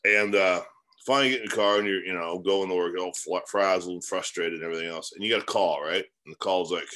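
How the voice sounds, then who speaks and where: A man's voice: low voice, fast talker, pushed and bright. A man in his forties, a real estate mentor, giving a casual motivational lesson full of fillers and rhetorical questions.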